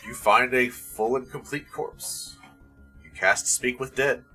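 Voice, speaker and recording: A man narrating as game master of a tabletop game, describing scenes in a calm, matter-of-fact way. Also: mid-range voice, slow, slightly rough, faint music behind.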